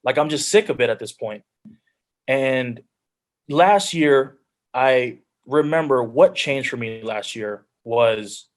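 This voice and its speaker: A man's voice: mid-range voice, normal speed. Earnest young man on a video call. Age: young adult. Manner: earnest, heartfelt, with frequent restarts and "like". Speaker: guest speaker, pro football player. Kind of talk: personal storytelling on a group call.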